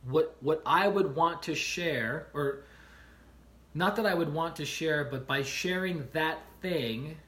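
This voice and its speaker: Speaking slowly in a voice pitched a little higher than most, this man is a life coach chatting casually on a livestream. He brings his stories to life by acting out the characters, repeatedly asking "right?" to keep his listeners with him.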